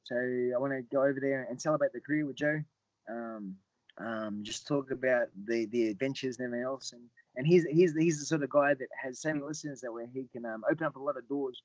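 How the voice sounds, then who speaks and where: A middle-aged man telling stories as a podcast guest, often repeating words and getting animated when he quotes other people. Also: medium pitch, fast, no echo, lo-fi sound. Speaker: guest, Muay Thai fighter. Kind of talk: casual storytelling interview.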